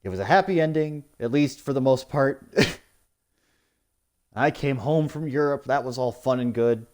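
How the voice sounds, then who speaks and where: A man's voice: medium pitch, moderate pace, a little mellow. A young man ranting in post-game commentary, swearing often and mocking the story with sarcastic put-on quotes. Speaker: gaming YouTuber.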